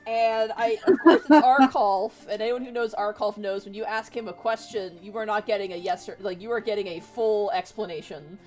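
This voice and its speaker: A woman hosting a live stream, telling friends lively casual stories, laughing often and swearing freely. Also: mid-range voice, normal speed, music in the background. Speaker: streamer host. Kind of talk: casual chat before a tabletop game.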